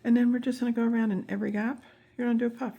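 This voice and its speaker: A woman's voice: on the high side, flat delivery, racing, gravelly, highs cut off. A woman teaching a crochet tutorial step by step, counting stitches aloud with chatty asides, and she has the hiccups. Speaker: crochet instructor.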